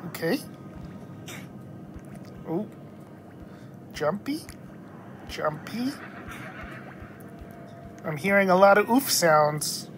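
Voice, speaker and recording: A woman's voice: on the low side, animated, very slow, pauses often, background noise. A woman hosting a gaming channel, giving casual, jokey gameplay commentary with lots of exclamations.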